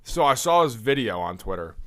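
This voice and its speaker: A man's voice: medium pitch, very animated, brisk. A man co-hosting a casual podcast, trading laid-back jokey banter. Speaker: podcast co-host. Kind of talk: casual chat.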